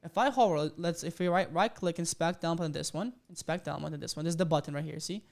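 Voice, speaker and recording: A man leads a live coding lesson and explains each step as he types. He gets excitable and cheers his viewers on, with loud bursts of hype between the explanations. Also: on the high side, quick pace, creaky. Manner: excitable, hypes the audience. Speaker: coding instructor.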